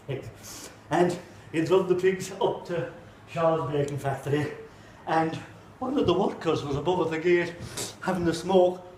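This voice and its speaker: A man with an Irish accent telling a folk tale live in an animated way, full of comic asides. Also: a little high, echoey room, a little hiss or hum, low-quality recording. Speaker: storyteller.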